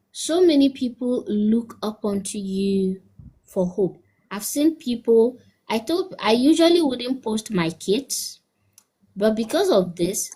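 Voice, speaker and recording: A woman's voice: mid-range voice, mellow, poor audio. A young woman guest speaking earnestly and candidly, mixing English and Yoruba. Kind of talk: conversational chat.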